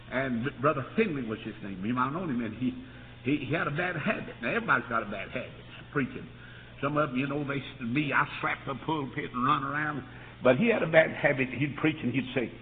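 A man preaching a revival sermon, building up to shouted peaks. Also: on the high side, a little hiss or hum. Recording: tinny lo-fi old tape in a reverberant hall.

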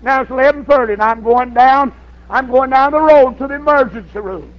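An older man, a pastor telling a folksy story in a sermon and rising to shouts. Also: very high-pitched, a little fast. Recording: dull lo-fi sermon recording.

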